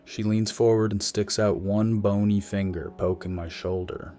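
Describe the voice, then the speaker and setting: A man's voice: fairly low pitch, steady tone, normal speed, few pauses, mellow, soft background music. A man narrating a creepy story in a wry, matter-of-fact way.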